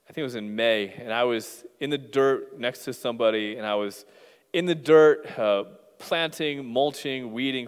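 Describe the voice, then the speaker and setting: A young adult man preaching a devotional sermon in a conversational way, often saying "like", telling personal stories and slowing into a quiet prayer. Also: medium pitch, smooth. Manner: slows and softens toward a quiet prayer. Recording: long hall reverb.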